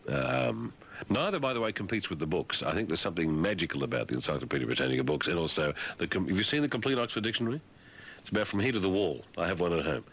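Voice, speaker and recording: Deep-voiced wry radio host. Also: male voice, expressive, quick pace, a bit bright, highs cut off, slight background noise. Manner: wry, rambling, sardonic asides. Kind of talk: talk radio news commentary.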